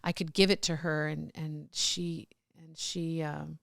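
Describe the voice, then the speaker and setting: A woman's voice: low voice, level tone, measured pace, vocal fry, a bit bright, dry recording, studio quality. A middle-aged woman telling candid personal stories as a podcast guest, rambling with restarts and laughs.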